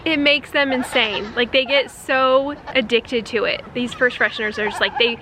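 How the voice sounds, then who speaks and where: A woman in her forties chatting to camera on her small farm, animated and joking, now and then mimicking her goats' screams. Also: on the high side, moderate pace. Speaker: farm vlogger. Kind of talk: casual chat to camera. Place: outdoors in a goat pen on a small farm. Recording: noisy, goats bleating behind. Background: goats bleating.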